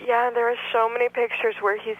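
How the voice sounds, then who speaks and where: A woman's voice: fairly high pitch, level tone, a little fast, narrow, tinny audio, slight background noise. A woman calling in to a radio show, chatting and laughing as she tells a family story. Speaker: caller, contest winner. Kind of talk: casual storytelling.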